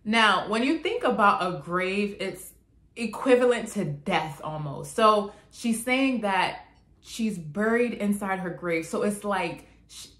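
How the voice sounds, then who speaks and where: A woman hosting her own channel, gently and earnestly explaining song lyrics line by line in a casual way. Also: medium pitch, expressive, takes it slowly, echoey room.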